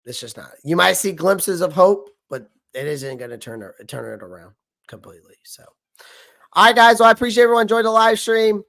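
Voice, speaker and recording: Raspy guy ranting on a sports livestream, gravelly and kinda high, keeps hammering the same point. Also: big pitch swings, fairly quick, fairly bright tone. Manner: blunt, emphatic, repeats himself. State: hoarse, losing his voice. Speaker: sports fan show host.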